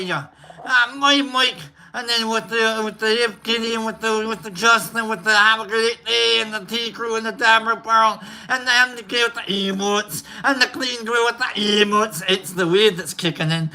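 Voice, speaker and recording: Brief: male streamer, fake drunk Scottish accent, rambly and profane, very bright sharp tone, swooping pitch. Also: animated, measured pace, slight background noise. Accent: put-on drunk Scottish accent. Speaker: livestream host. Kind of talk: casual livestream chat.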